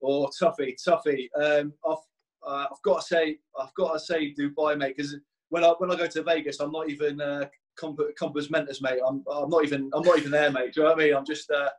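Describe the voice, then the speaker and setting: A quick-talking man in his thirties answers rapid-fire questions in a relaxed, laddish way. He stumbles and repeats phrases, dropping "mate" at the end of almost every line, and his voice sits a little high for a man. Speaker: guest footballer. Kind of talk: casual podcast chat.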